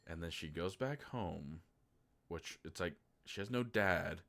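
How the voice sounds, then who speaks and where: A deep, pushed, bright male voice belongs to an Oklahoman giving a casual movie review full of sarcasm and free swearing. He acts out his own incredulous responses with a raised voice.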